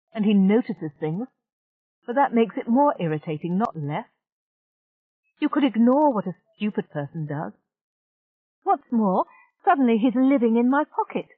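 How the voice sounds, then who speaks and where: A blunt, irritable young woman from a storybook, pitched up and quick to complain, as a woman reader puts her on. She sounds tinny and narrow, as if over a phone line. The recording is dry and close. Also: sing-song, no echo. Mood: exasperated. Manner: frank and irritable. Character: blunt, exasperated young woman station partner.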